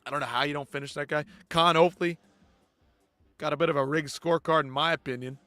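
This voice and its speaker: A man's voice: a little high, steady tone, fast talker, sharp tone, smooth, dry recording, soft background music. A man hosting a live post-fight show, ranting bluntly and with heavy swearing. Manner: blunt, profane, exasperated ranting. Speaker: host.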